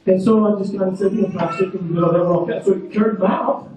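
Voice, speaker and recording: A man delivers a motivational graduation speech in a high, mellow voice, telling stories emphatically and repeating his points. He sounds far from the microphone. The sound rings through a large, very echoey ceremony hall. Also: fairly even intonation, quick pace, a little hiss or hum. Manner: storytelling, emphatic, repeats phrases.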